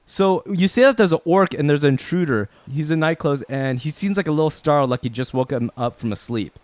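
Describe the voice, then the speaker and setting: A man's voice: a little high, fairly quick, no room sound. A man narrating as game master in a loose, chatty way with many fillers.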